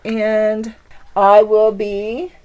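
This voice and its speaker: A woman's voice: mid-range voice, monotone, very slow, mellow, muffled recording. A woman hosting her craft channel, chatting casually and gushing over the crafts and gifts she shows. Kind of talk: casual craft show-and-tell.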